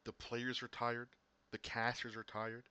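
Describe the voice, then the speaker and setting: A man casting an esports match, excitable, often repeating and restarting words, his voice getting worn. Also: mid-range voice, unhurried, smooth, dry recording. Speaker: esports caster. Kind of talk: casual esports commentary.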